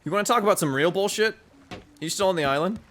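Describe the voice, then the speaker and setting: A young man recounting a gaming mishap as casual commentary, animated and joking, with the odd swear. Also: high-pitched, fast talker. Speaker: gamer telling a story.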